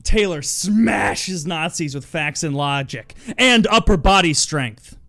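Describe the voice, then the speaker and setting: A man hosting a podcast, casually telling an absurd story in a deadpan way. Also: high-pitched, takes it slowly, vocal fry. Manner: deadpan storytelling, breaks into laughs. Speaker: podcast host.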